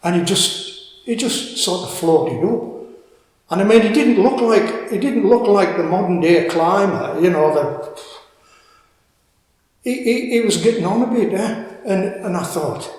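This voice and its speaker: An older man with a Cumbrian accent telling a story in an interview, halting and repeating words as he goes. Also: sits high, animated, a little mellow. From Cumbria, England. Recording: echoey room with long reverb.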